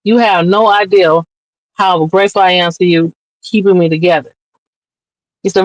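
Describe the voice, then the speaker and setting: A woman's voice: fairly low pitch, fairly even intonation, moderate pace, long pauses, no echo, highs cut off. A woman guest on a streamed interview show, talking earnestly and with passion as an advocate, close to tears at times. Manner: earnest, impassioned, tearful at times. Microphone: remote streaming mic.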